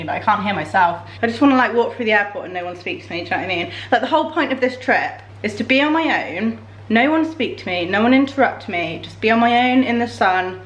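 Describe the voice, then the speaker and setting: A woman's voice: mid-range voice, a little hiss or hum. A young woman vlogging to camera at home, talking in a chatty, rambling way full of "like" fillers. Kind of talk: casual to-camera vlog. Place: at home indoors.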